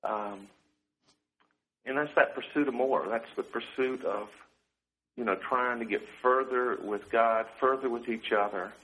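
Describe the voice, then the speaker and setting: A man with a bright, forward voice shares a personal testimony. He speaks earnestly and often softly, with a heartfelt tone. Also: mid-range voice, unhurried, low-quality recording. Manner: earnest, heartfelt, soft-spoken. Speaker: guest sharing a personal testimony.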